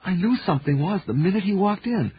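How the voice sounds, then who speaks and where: A man's voice: expressive, fast talker, husky, dry recording, lo-fi sound, heavily acted. A man doing a frightened, trembling shop woman. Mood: alarmed. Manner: high, trembling and faint. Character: frightened middle-aged woman shopkeeper.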